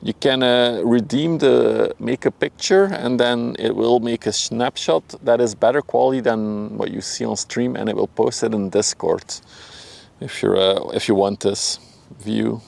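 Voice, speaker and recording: A man's voice: medium pitch, measured pace, creaky. A young man with a Dutch accent hosting a casual livestream outdoors by a river, chatting loosely with viewers and keeping his voice down at times. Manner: relaxed, chatty, laughs often, talks to chat by name; speaks softly at times to avoid disturbing people nearby. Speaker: livestream host. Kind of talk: casual live-stream chat.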